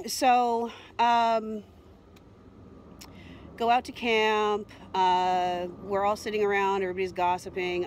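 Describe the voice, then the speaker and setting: Middle-aged woman, personal vlog, emotional and rambling, halting delivery with fillers. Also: mid-range voice, slight background noise. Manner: rambling, upset, frequent fillers and repeats. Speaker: vlogger.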